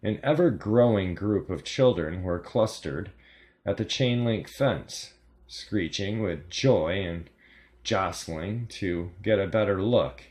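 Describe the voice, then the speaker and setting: A man reads a horror story aloud in a calm, measured style. His voice sits low and the delivery is unhurried. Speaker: narrator. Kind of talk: scripted horror story narration.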